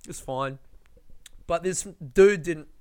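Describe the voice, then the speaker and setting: Smooth-voiced guy, sweary rambler. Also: on the high side, slow pace, a little mellow. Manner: rambling, sweary, self-mocking. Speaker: vlogger. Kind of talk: casual storytelling monologue.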